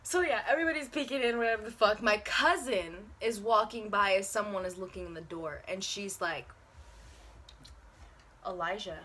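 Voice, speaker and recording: A woman's voice: mid-range voice, a little fast, hardly any pauses, bright, forceful tone. A young woman telling a casual, profane storytime to her handheld camera in her bedroom. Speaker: vlogger. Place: bedroom at home.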